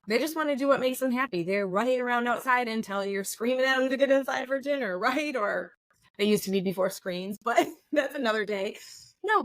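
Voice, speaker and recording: A middle-aged woman hosting a podcast, chatting in a lively, storytelling way with quick asides. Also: mid-range voice, no room sound. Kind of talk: casual conversation.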